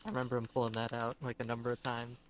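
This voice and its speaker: A man's voice: mid-range voice, monotone, very fast, slight background noise, poor audio. A man co-hosting a podcast, telling casual anecdotes and laughing a lot. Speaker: podcast co-host. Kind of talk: casual chat, storytelling.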